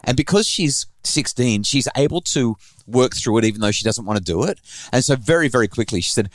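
A middle-aged man hosting a parenting podcast, telling a family story in an animated way with frequent restarts. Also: mid-range voice, a little fast, no echo.

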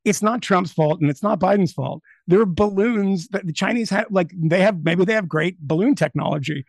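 Gravelly man joking in a chat. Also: high voice, moderate pace, no echo, studio quality. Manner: joking, sarcastic asides. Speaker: podcast co-host guest. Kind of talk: casual political chat.

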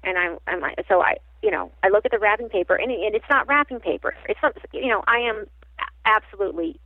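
A woman working as a psychic medium, telling a personal story in an animated, halting way with frequent restarts. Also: medium pitch, dry recording. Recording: tinny phone-line sound, dry.

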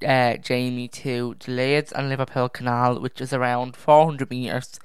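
Young true crime podcast host, casual and easily distracted, clear voice, dry home mic. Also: mid-range voice, no echo. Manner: rambling, self-correcting, easily distracted; sighs and drops to a near whisper at times. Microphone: own podcast microphone.

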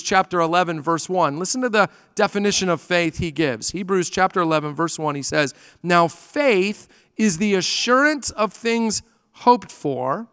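A man with a high, fairly bright, clean voice preaches a sermon to a church congregation, telling stories and acting out their dialogue. The pastor sounds studio-quality with no echo, though the space feels like a large hall in a church sanctuary.

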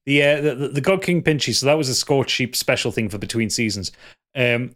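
A man's voice: medium pitch, brisk, a bit bright. Rambling podcast host, a man. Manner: rambling, swears freely, laughs often. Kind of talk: casual chat.

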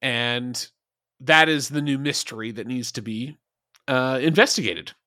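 A man's voice: mid-range voice, measured pace, pushed and bright, no echo, clean studio sound. A man co-hosting a podcast, chatting casually and with animation, swearing and slipping into mocking impressions. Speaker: podcast co-host. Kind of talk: casual review chat.

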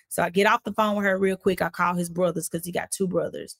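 A woman speaks as a guest on an interview show. Her voice sits fairly low with a rough, gravelly edge, and her delivery stays casual and conversational. She tells a personal story with energy, slipping into the voices of the people in it. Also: quick pace, few pauses. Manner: animated, acts out quoted voices while recounting events.

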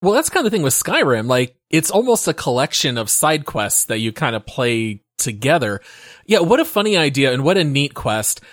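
A man's voice: medium pitch, very animated, moderate pace, fairly bright tone, dry recording. A man co-hosting a gaming podcast, offering wry, amused commentary. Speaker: podcast co-host. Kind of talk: casual chat.

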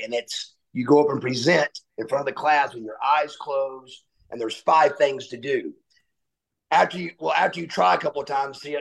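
A man's voice: fairly high pitch, creaky. A man speaking as an interview guest, telling a long personal story in a rambling way with frequent restarts. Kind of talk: candid interview talk.

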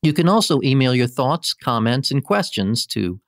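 A man hosting a podcast, reading scripted narration in a measured, deliberate way. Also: medium pitch, sing-song, no echo, clean studio sound. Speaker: podcast host. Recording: music bed underneath.

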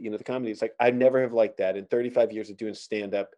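A man's voice: on the low side, steady tone, quick pace, dark tone. Middle-aged male podcast host, joking storyteller. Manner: rambling, joking, many fillers. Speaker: podcast host and stand-up comic. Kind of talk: casual chat and storytelling.

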